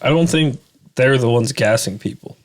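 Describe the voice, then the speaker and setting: Young male co-host, mid-pitched voice, deadpan joker in casual chat. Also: moderate pace. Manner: deadpan crude jokes, chuckling. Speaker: podcast co-host.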